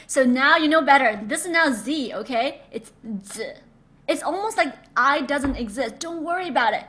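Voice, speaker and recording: A woman from China teaching a Mandarin pronunciation lesson, drilling sounds slowly with repeated examples. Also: high voice, big pitch swings, a bit bright. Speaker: Chinese language teacher.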